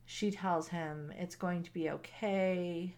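A woman co-hosting a casual podcast, retelling a romance novel's plot in an animated way and acting out the characters' lines. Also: on the low side, slow. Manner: animated retelling, quoting characters, laughs often. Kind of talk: casual chat.

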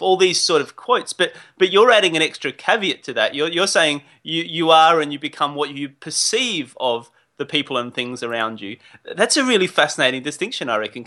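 A man hosting an interview, enthusiastic and quick to laugh, rephrasing his guest's points and asking questions. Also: a little high, sharp tone. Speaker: podcast host. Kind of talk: conversational interview.

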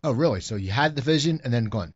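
A man hosting a casual conversation, chatty and quick, chiming in with his own experiences. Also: mid-range voice, expressive. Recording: dry, dull lo-fi recording.

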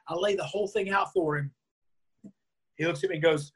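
A man being interviewed, telling a lively anecdote and acting out the lines of the people in it. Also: high voice, fast, slightly rough. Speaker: interview guest. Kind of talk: storytelling in a conversation.

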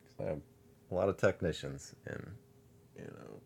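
A man in his thirties co-hosts a casual podcast. He tells stories in a relaxed, unhurried way with dry humor, and his voice is very deep. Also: creaky, a little hiss or hum. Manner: laid-back storyteller with dry humor. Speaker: podcast co-host. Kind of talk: casual chat.

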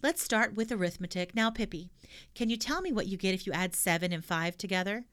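Woman doing a kind teacher lady, soft and measured. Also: mid-range voice, close to an everyday voice. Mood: kindly. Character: kind patient female schoolteacher.

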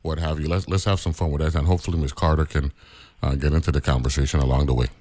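A man's voice: very deep voice, steady tone, rapid-fire, warm tone. A man hosting a casual radio interview, who stammers, repeats words and keeps checking in with "right?". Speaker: radio show host. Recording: radio broadcast.

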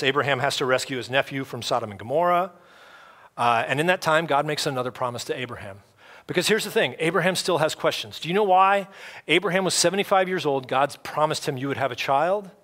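A man delivers a church sermon in a loose, conversational way, slipping into playful voices for the people in the story. His voice sits a little high and rings bright. The talk is easygoing and chatty rather than formal. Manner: casual, conversational preaching with playful quoted voices. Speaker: pastor.

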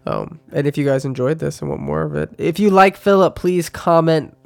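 An upbeat podcast host whose slightly high voice carries a gravelly rasp. He sounds close and dry, with little room around him. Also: normal speed, dry recording, soft background music. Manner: upbeat, wraps up the episode. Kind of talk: casual podcast chat.

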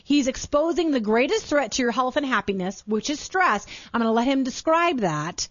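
A woman's voice: high voice, expressive, normal speed, fairly bright tone, no echo. A woman from Minnesota hosting a talk show, gushing and enthusiastic and laughing often. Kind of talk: casual talk show interview. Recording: dull muffled broadcast audio.

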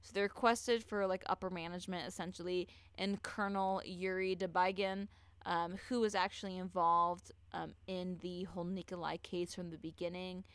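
Her voice is lowish, smooth and crisp, with a level tone and moderate pace as she hosts a podcast. She relays a true-crime story in an easygoing way, cursing freely and impersonating the people in it. The mic is close, dry and free of room sound.

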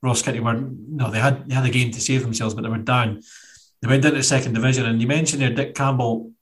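A man's voice: medium pitch, steady tone, fast talker. A Scottish man hosting, asking loose questions with many fillers. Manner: hesitant, filler-heavy questions. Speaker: podcast host. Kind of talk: casual interview.

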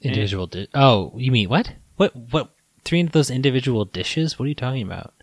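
A man's voice: medium pitch, lively intonation, brisk, no room sound. A man co-hosting a casual podcast chat, joking and laughing often. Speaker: podcast co-host.

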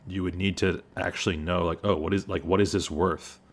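A man with a very low voice hosts a relaxed podcast among friends. He talks loosely and jokes around, with plenty of filler words. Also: brisk. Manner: loose and jokey, with lots of "like" fillers. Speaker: podcast host. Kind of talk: casual chat.

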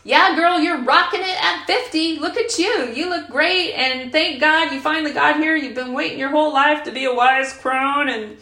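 A woman's voice: high-pitched, moderate pace, hardly any pauses, pushed and bright, pitched above the performer's own voice. A woman in her fifties voicing a kind, encouraging inner queen of compassion, gushing with praise. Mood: cheering. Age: 50s. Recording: roomy echo.

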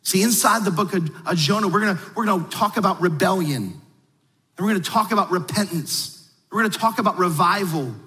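A male pastor lays out his sermon series in a confident teaching tone. He often turns to speak to the online audience. His voice is fairly high for a man, and it carries the long echo of a large hall. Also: animated, a little fast, bright, forceful tone.

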